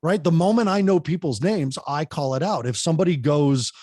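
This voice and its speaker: Fast-talking husky-voiced man giving speaking tips. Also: on the high side, dry recording, studio quality. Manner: talks fast and keeps the pace up; animated, speaks directly to the host by name. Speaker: podcast guest, public speaking coach. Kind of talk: energetic advice on public speaking.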